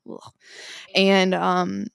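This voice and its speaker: A young adult woman co-hosting a podcast, chatting casually and telling stories with animated pitch jumps. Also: drawn-out words, vocal fry, clean tone, no room sound, clean studio sound. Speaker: podcast co-host. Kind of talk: casual chat.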